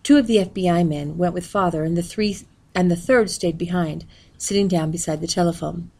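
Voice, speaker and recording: A woman reading a novel aloud in a steady, plain narrating manner. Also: lowish voice, a little fast. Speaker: reader.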